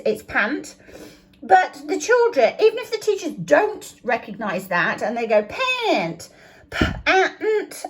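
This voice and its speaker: A woman explaining phonics to teachers, earnestly sounding out speech sounds slowly and deliberately. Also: sits high, rough recording. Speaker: phonics educator.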